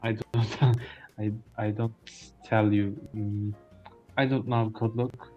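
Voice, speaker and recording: Man in game voice chat, slow, hesitant broken English, low flat delivery, muffled lo-fi sound. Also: faint music behind. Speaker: game player. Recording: dull lo-fi voice chat.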